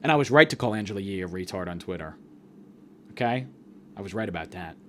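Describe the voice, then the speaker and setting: A man's voice: sits low, expressive, quick pace, slight background noise. A young man hosting a podcast, ranting in a mock-grandiose comedic monologue with sudden swings in volume. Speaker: podcast host.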